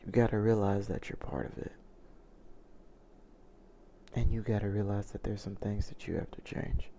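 A man's voice: lowish voice, steady tone, moderate pace, creaky, warm tone, a little hiss or hum. A man telling a personal story in a confessional vlog, earnest and reflective, often restarting his sentences. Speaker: vlogger.

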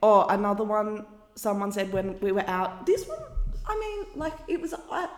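A young woman co-hosting a casual chat, telling stories in an animated, giggly way and acting out what people said. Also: medium pitch, normal speed. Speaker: podcast co-host. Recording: roomy echo with long reverb.

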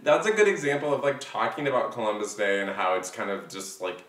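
A man's voice: fairly low pitch, brisk. A man chatting casually as a co-host, rambling with lots of fillers and frequent laughter. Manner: animated, rambling, filler-heavy, laughs often. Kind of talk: casual chat. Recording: echoey room, mic at a distance.

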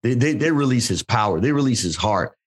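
A man's voice: medium pitch, animated, a little fast, breathy edge. A male podcast host who speaks in a pastoral, affirming way. He frames long questions for his guest and praises him before asking. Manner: warm, affirming, asks long framing questions.

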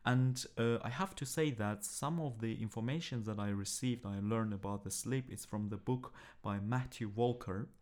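A man with a fairly low voice explaining things in a casual podcast chat. He speaks hesitantly, often pausing on uh and um and restarting his sentences. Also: darkish tone. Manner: hesitant, with frequent fillers and restarts. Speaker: podcast co-host.

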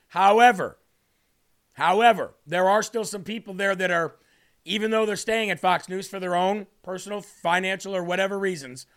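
A man's voice: high voice, gravelly, fairly bright tone. A man hosting a live show, leading a prayer and then giving combative, emphatic political commentary. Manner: combative, emphatic, drawn-out delivery. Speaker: host.

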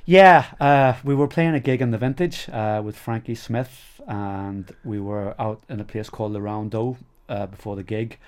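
A middle-aged man with a Northern Irish accent speaks in a fairly low voice. He tells stories as an interview guest in a chatty, rambling way, padding his sentences with "you know". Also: moderate pace, few pauses, clear, resonant tone. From Northern Ireland. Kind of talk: casual storytelling interview.

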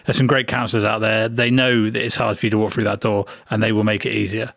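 A man's voice: on the low side, flat delivery, quick pace, gravelly, fairly bright tone, no room sound. Male co-host, earnest and reassuring, dry close recording. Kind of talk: casual chat.

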